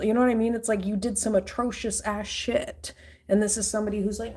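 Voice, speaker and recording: A woman's voice: medium pitch, steady tone, normal speed, a little mellow. Woman doing a tarot reading, super blunt, cusses a lot, rambly casual talk. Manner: blunt, profane, ranting; loose, rambling with fillers. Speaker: tarot reader.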